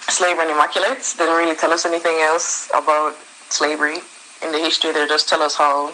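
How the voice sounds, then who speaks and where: Casual, low young woman. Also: level tone, fast talker, bright, forceful tone, a little hiss or hum, low-quality recording. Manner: casual, unsure. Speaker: former student. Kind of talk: vox pop comment.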